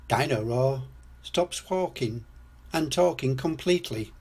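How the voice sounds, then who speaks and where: Slow, husky older storyteller man. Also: medium pitch. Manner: slow, lively storybook reading. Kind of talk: reading a children's story aloud.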